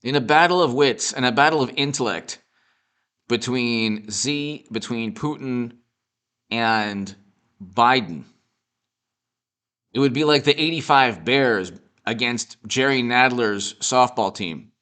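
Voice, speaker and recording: Sarcastic bright-voiced male commentator. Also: mid-range voice. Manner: mocking, sarcastic, rambling, with frequent restarts and quick laughs. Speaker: political commentator and show host. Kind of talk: off-the-cuff political commentary.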